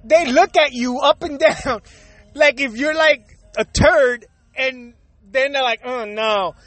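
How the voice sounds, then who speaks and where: High-pitched guy ranting and cussing, dry close sound. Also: slow, fairly bright tone, no echo. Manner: profane, blunt, worked-up ranting. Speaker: show host. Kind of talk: ranting monologue.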